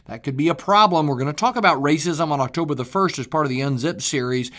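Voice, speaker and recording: Older male preacher, daily scripture podcast, earnest and emphatic, somewhat raised pitch. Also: fast, bright, forceful tone. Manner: earnest teaching, emphatic on key phrases. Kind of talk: daily Bible reading podcast talk.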